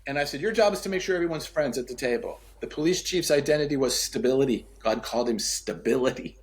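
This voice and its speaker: A man telling a story as a podcast guest, acting out the dialogue with sweeping pitch and repeating key phrases for emphasis. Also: quick pace. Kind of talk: storytelling in conversation.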